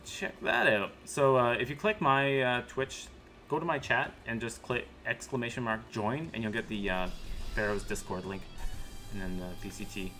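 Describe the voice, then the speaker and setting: Male Canadian game caster, bright tone, casual filler-heavy banter, reads chat aloud. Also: medium pitch, normal speed, soft background music. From Ontario, Canada.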